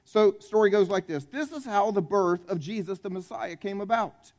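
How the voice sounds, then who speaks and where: A South Carolina pastor gives a Christmas Eve sermon in a high voice. He speaks in a relaxed, folksy way, joking with the congregation and bringing them into the story. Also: normal speed. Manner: conversational, folksy, jokes with the congregation. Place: church.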